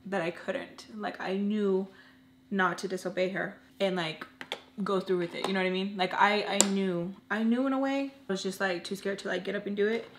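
A woman in her twenties telling a personal story in a casual storytime vlog, earnest and emotional, halting with lots of "like" and restarts. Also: mid-range voice. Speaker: storytelling vlogger. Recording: roomy room with faint hum.

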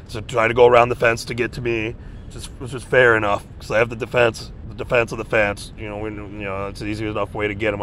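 A man's voice: lowish voice, a bit bright, a little hiss or hum. A man speaking outdoors in a park, rambling in an agitated way while reading headlines and recounting threats. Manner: agitated, rambling, repeats himself. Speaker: vlogger.

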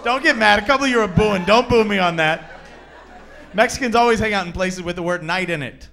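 A man's voice: high voice, a little fast, fairly bright tone, a faint crowd, slight background noise. A man performing a stand-up comedy set on a comedy club stage, brash and crude, teasing the audience as he goes.

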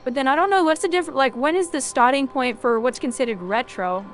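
High-voiced woman streamer rambling. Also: fairly quick, soft background music. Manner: rambling, jokey, chatting with viewers. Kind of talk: casual gameplay chat.

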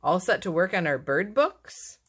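Woman doing a clumsy mole, earnest, grumbling, slow-spoken. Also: lowish voice, big pitch swings, husky, full character voice. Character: curious, clumsy male mole.

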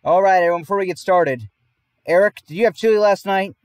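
Bossy camp helper girl, high and sharp, scolds, played by a man in a story. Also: fast, no room sound, lightly acted. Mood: scolding. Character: stern bossy young woman camp helper.

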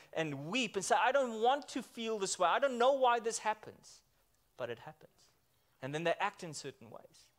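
A man's voice: high-pitched, fairly bright tone. A man preaching a church sermon in a conversational way, often asking the congregation questions and repeating himself as he restarts. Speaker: pastor.

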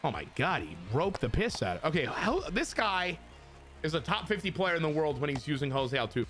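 Animated, bright-voiced male gamer. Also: fairly high pitch, fairly quick, faint music behind. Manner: excitable, swears, trash-talks the opponent. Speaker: gaming channel host. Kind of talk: casual gameplay commentary.

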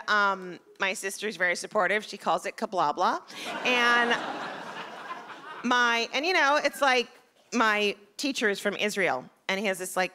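A middle-aged woman performing a self-deprecating stand-up set on a theater stage, punchy and acting out the people in her stories. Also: medium pitch. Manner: self-deprecating, punchy, acts out quoted voices. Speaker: stand-up comedian. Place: theater stage before a laughing audience. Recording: live show with loud crowd and noise.

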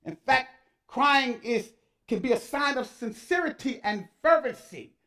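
A man's voice: extremely high pitch, animated, a little slow, pushed and bright. Older male pastor, fervent sermon delivery, emphatic exhortations to the congregation.

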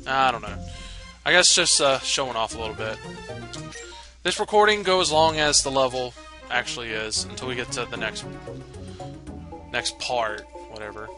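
A man's voice: medium pitch, normal speed, pauses often, music in the background. A young man casually commentating his gameplay, rambling and swearing offhand. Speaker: let's play host.

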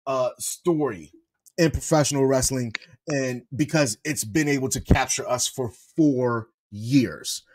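A man co-hosting a wrestling review podcast, chatting in an animated way and laughing often. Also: mid-range voice, unhurried, slight background noise. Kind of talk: casual podcast chat.

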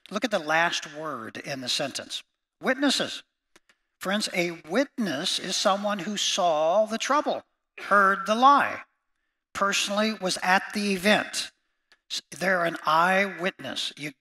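A man's voice: a little high, pushed and bright. A man preaching a sermon as pastor, emphatic and repeating each point as he addresses his listeners as friends.

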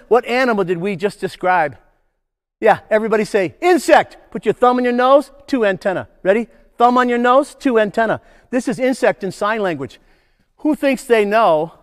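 A man's voice: sits high, big-room sound. Older man leading playful crowd chants. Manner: playful call-and-response, leads crowd chants. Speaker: nature educator. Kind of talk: interactive children's nature program.

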